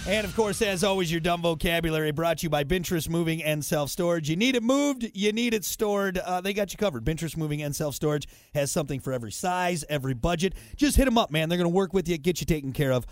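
A man's voice: a little high, lively intonation, fast talker, hardly any pauses, dry recording. A middle-aged man hosting a morning radio show, chatting in a playful, mock-innocent teasing way. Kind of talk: casual radio banter.

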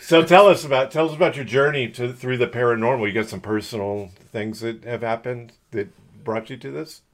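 A man's voice: mid-range voice, a little fast. A man with a Californian accent, hosting a podcast in a loose, joking, rambling way. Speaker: podcast host.

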